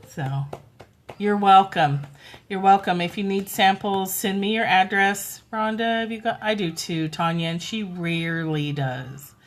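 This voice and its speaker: A middle-aged woman chatting casually on a phone livestream at home, talking softly and cooing now and then to toddlers. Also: mid-range voice, steady tone, a little slow. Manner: chatty, soft, coos to toddlers. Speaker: livestream host.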